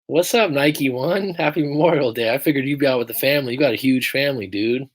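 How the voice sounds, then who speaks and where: A man's voice: medium pitch, very fast. A man coaching viewers on a livestream, blunt and emphatic, swearing often as he reads and answers their comments. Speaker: relationship coach.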